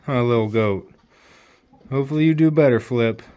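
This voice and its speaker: A man vlogging from his homestead, talking softly and worriedly to a sick goat at the pen. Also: mid-range voice, normal speed, clear, resonant tone, no room sound, highs cut off. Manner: soft, worried, talks gently to his goats. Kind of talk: casual vlog with animals.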